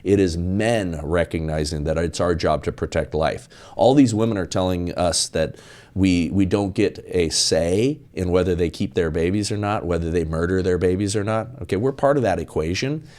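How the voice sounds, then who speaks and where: A man's voice: deep voice, moderate pace, darkish tone. A man talking as a podcast guest in an emphatic, preachy way, hammering his points with repetition. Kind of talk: podcast interview.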